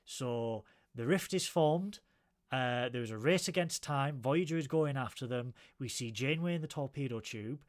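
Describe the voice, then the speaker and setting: A man's voice: mid-range voice, moderate pace. A man with a Northern English accent co-hosting a casual review podcast, recapping the plot at length with plenty of ums and uhs. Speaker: podcast co-host.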